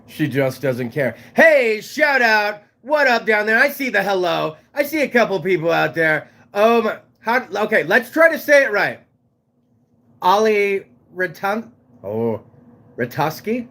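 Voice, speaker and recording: Loud, shouting male livestream host. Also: high-pitched. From Fresno, California. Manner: loud shouting delivery, crude swearing. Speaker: live show host. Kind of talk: casual livestream chat.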